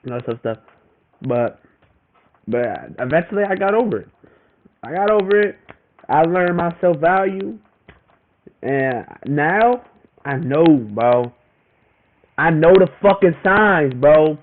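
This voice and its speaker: A man's voice: a little high, expressive, slow, pauses often. A young man telling a storytime to the camera in casual, profane slang, repeating himself as he goes. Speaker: vlogger. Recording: tinny phone-like audio with faint noise.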